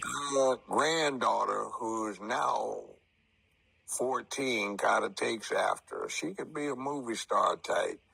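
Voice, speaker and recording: A man in his seventies speaks with a deeply gravelly, husky voice and a bright edge. He takes his time, choosing formal words as he tells a story. The sound is dry and close. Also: dry recording, low-quality recording. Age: 70s. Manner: slow, deliberate storytelling with formal word choices. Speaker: retired TV judge giving his views. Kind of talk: interview talk.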